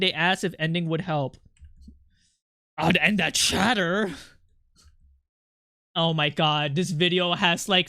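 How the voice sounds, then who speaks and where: A man's voice: high-pitched, pushed and bright, clear, resonant tone, dry recording, studio quality. A young man streaming his art, chatting casually with his chat in an irritable, snappy way, swearing and venting.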